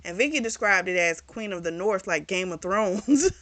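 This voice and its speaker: A woman's voice: mid-range voice, lively intonation, moderate pace, fairly bright tone, no room sound. A woman hosting a book review, casually retelling the plot with lots of "like" and "um". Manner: chatty retelling full of "like" and "um".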